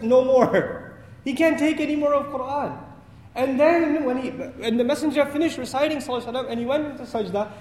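A man delivering a storytelling sermon in a mosque prayer hall, his voice strikingly high. He acts out the dialogue with animated energy. The sound rings with a long, roomy echo over faint background noise. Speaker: preacher.

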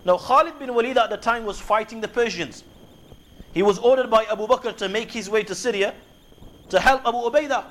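A male preacher tells history in a measured sermon, adding Arabic honorifics throughout. His voice sits high for a man. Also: fairly bright tone. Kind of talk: sermon retelling Islamic history.

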